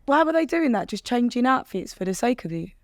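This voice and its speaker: A woman, chatting as a podcast guest, animated and laughing often as she acts out her own past words. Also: fairly high pitch, brisk, no room sound, studio quality. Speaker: podcast guest, fitness instructor. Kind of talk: casual interview chat.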